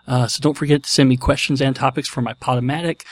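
A man's voice: mid-range voice, fairly even intonation, fast, no room sound. A man hosting his podcast, talking casually with a jokey, self-deprecating manner. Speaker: podcast host.

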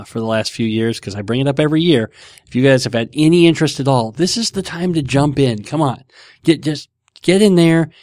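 A man's voice: mid-range voice, a little mellow, no echo, studio quality. A man hosting a casual podcast, rambling and laughing at himself as he chats from home. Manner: rambling, laughing, self-mocking. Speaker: podcast host.

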